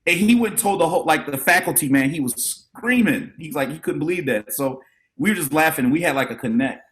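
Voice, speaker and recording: A middle-aged man, a drummer and educator, telling animated stories about his mentors as a podcast guest and acting out the voices of the people he quotes. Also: a little high, fairly quick. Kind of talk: casual storytelling interview.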